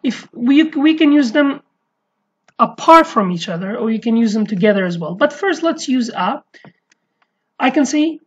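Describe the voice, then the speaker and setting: A woman from Iraqi Kurdistan who speaks natively, teaching an online language lesson in English. She explains haltingly, with frequent fillers, and repeats her example phrases. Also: a little high, lively intonation, slightly rough, muffled recording. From Iraqi Kurdistan, Slemani.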